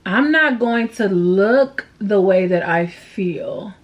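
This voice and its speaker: A woman's voice: medium pitch, lively intonation, slow pace, highs cut off. A woman chatting through a makeup tutorial, candid and slangy, openly sad and emotional as she vents between steps. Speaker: makeup vlogger. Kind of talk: casual makeup tutorial chat.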